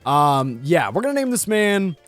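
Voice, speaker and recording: Lively, joking man doing game commentary. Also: high voice, moderate pace, soft background music. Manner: excitable and joking, laughs often. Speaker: gaming channel host. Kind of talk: casual gameplay commentary.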